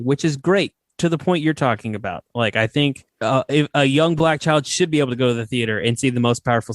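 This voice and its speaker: A man's voice: medium pitch, no echo, clean studio sound. A man hosting a podcast, chatting casually and giving opinions with lots of fillers. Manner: relaxed, opinionated, many fillers. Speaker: podcast host. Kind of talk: casual chat.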